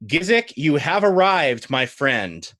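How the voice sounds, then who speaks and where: A man narrates and referees a tabletop game as dungeon master, relaxed and easily amused. His voice is bright and forward, recorded very dry and close. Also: a little high, slow, no room sound. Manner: relaxed, guiding, laughs often.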